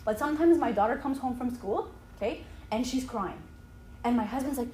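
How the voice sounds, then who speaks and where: Woman, 30s, high voice, animated, says "okay?" a lot, church talk, echoey hall, faint background noise. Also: a little fast. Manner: animated, often ends lines with "okay?". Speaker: speaker at a church youth talk. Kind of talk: lively talk with slides.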